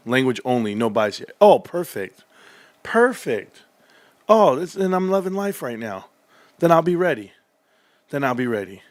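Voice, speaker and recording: A man hosting a livestream, reading through financial reports with excitable commentary that swings from muttering to yelling, his voice going hoarse. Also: on the high side, dry recording. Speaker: livestream host.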